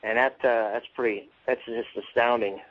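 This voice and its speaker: A man's voice: medium pitch, steady tone, moderate pace. A man co-hosting an interview, asking questions and responding with impressed, affirming remarks. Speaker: co-host. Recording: dull lo-fi audio from off-mic.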